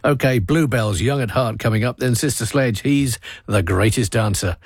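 A man's voice: mid-range voice, normal speed, gravelly, slight background noise. A man presenting on the radio with jokey, upbeat patter over music.

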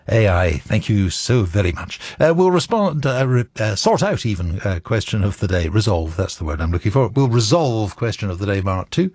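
Radio guy in the studio, low husky voice, lots of uhs and restarts, dry wry chat. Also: big pitch swings, normal speed, darkish tone, no echo. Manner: hesitant, full of fillers and restarts, wry. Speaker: radio presenter. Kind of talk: casual on-air chat.

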